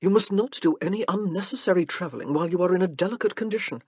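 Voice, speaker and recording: A woman's voice: fairly low pitch, quick pace, a little mellow, breathy edge, dry recording. Woman reading as a rueful protective young lord. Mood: wry. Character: stern protective young nobleman, rueful, dry humor. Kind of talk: audiobook character reading.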